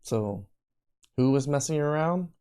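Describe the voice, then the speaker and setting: A man's voice: mid-range voice, expressive, unhurried, mellow, clean tone. A man co-hosting, asking probing, skeptical questions in casual chat.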